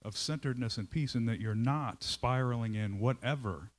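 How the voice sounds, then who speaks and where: A man giving a storytelling talk to a live audience as a company leader, lively and conversational, checking in with his listeners and acting out his own inner voice. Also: medium pitch, moderate pace.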